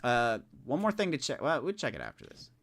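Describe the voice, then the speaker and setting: Man, gameplay streamer, casual live commentary, lively pitch, exasperated reactions. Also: a little fast. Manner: animated, talks to himself, exasperated reactions. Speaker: video game streamer.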